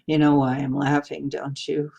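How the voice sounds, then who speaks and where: A woman's voice: deep voice, flat delivery, moderate pace, vocal fry, dark tone, slightly rough, lo-fi sound. A woman hosting a livestream in casual chat, playfully teasing and answering her viewers' comments. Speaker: livestream host.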